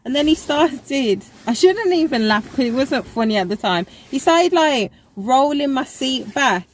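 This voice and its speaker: A woman's voice: high voice, lively intonation, a little slow, slight background noise, low-quality recording. A young woman telling a casual storytime in a chatty, rambling way, full of fillers. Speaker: vlogger.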